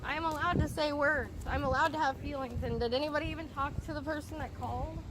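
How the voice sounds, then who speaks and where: A woman making an agitated, tearful complaint in an office, panicking and loud, recorded on her phone. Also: high-pitched, fairly even intonation, fast talker, roomy sound, in a large hall, heavy background noise. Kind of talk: heated confrontation filmed on phone. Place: indoors, apartment complex office. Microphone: phone camera.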